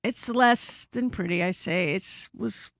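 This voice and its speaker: A woman guest on a podcast telling a story in casual chat, animated and full of swearing and asides, recorded in a studio. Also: medium pitch, slow, creaky, no room sound. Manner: animated, profane, frequent asides.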